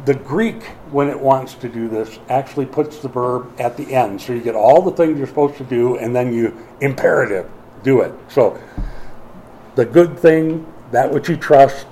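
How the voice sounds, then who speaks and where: A middle-aged male pastor preaching a sermon, moving between quiet explanation and emphatic declarations, with folksy asides to the congregation. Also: mid-range voice, a little hiss or hum, rough recording.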